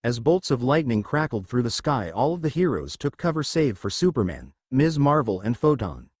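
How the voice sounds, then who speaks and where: A man narrating a superhero fan-fiction story in a mid-pitched voice. His delivery is animated, with a lively rise and fall. The recording is dry, with no room sound. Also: moderate pace, few pauses, husky, no room sound. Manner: dramatic storytelling.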